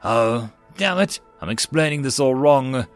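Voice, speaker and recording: A man's voice: mid-range voice, expressive, measured pace, faint music behind, natural voice. A man voicing a wry, often exasperated human woman diplomat who sighs through her explanations.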